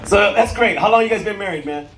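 A man's voice: sits high, fast, noisy background. A male stand-up comedian doing profane, teasing crowd work on a cruise ship stage, laughing often at his own jokes. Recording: echoey room, loud crowd laughter. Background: audience laughter.

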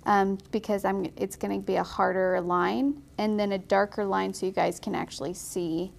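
A young woman giving a casual, chatty watercolor painting tutorial, encouraging and quick to laugh. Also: medium pitch, flat delivery, vocal fry. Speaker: watercolor instructor.

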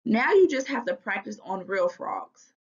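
A woman voicing a lively young girl who coaxes her little brother along in a playful, eager way. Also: medium pitch, measured pace, gravelly, breathy edge, heavily acted. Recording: dull lo-fi recording.

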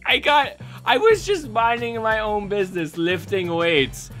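An excitable gamer narrates their own play, talking to themselves, swearing and yelping when things go wrong. Pitch leaps all over the place, and the tone is bright and sharp. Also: a little slow, faint music behind. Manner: excitable, yelps and shrieks at sudden events; talks to self, swearing and laughing. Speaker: gameplay commentator. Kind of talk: let's play commentary.

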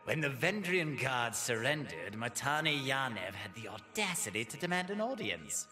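A man's voice: mid-range voice, sing-song, normal speed, over music, close to an everyday voice. An actor playing a haughty, mocking male spymaster in a mask who talks of himself as "we". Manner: mocking, lofty, speaks of himself as "we".

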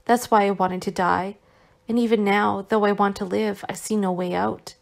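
A woman voicing a gentle, worn-out young man who is still recovering, speaking tenderly with some reproach, in an audiobook reading. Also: mid-range voice, steady tone, normal speed, vocal fry, natural voice. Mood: tender, reproachful.

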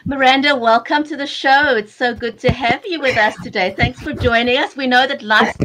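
Upbeat higher-voiced woman host. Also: moderate pace, pushed and bright, a little hiss or hum. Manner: upbeat, welcoming. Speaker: talk show host. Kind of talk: live show hosting.

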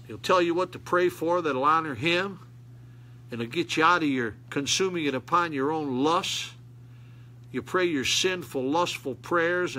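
Older man, pastor; folksy sermon delivery, bright voice, faint noise under the recording. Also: fairly high pitch. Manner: folksy, rising to emphatic preaching.

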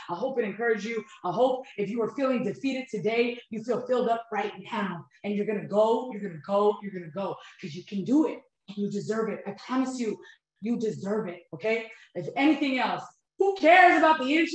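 A woman, hosting and talking to her viewers about her life, animated and heartfelt. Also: a little high. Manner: animated, heartfelt, addresses viewers as "you guys". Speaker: host of a couples health channel. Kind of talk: emotional personal talk to viewers. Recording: very echoey room.

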